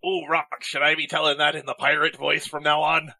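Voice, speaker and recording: A man telling corny jokes in casual banter, playful and quick to swear. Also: a little high, flat delivery, creaky, sharp tone, no room sound.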